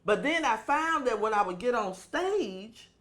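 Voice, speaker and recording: Comedian woman, lively storyteller who plays out every character. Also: fairly high pitch, unhurried. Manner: animated storyteller, acts out quoted voices. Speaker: comedian guest. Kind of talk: casual storytelling chat.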